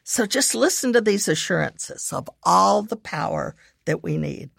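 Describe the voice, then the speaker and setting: A middle-aged woman giving earnest devotional teaching, reading scripture verses in measured lists. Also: mid-range voice, lively intonation, gravelly, husky, no echo. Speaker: devotional speaker and parent.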